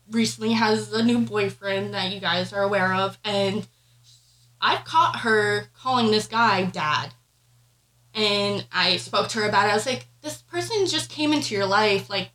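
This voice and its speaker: A woman's voice: mid-range voice, fairly bright tone, rough recording. A pregnant woman on a podcast, emotionally retelling a family argument with lots of fillers. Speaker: podcast co-host. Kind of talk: casual chat, personal storytelling.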